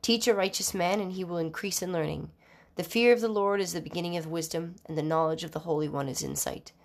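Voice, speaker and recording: A woman reading Bible passages aloud in a measured, formal manner, with occasional slips and restarts. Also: on the low side, fairly even intonation, gravelly. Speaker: scripture reader.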